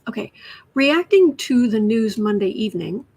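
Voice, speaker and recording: A woman hosting a casual tarot livestream from home, chatty, often dropping to soft whispers. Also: a little high, lively intonation, normal speed, husky. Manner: chatty, soothing her cat in soft whispers between remarks. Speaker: astrology and tarot livestream host. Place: home room.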